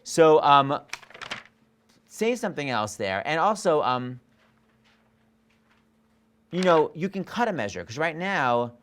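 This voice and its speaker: A man coaching a singer in a master class, animated and jokey, acting out lines and scatting melodies. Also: fairly high pitch, takes it slowly, pauses often, a little hiss or hum. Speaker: vocal coach. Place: studio or rehearsal room.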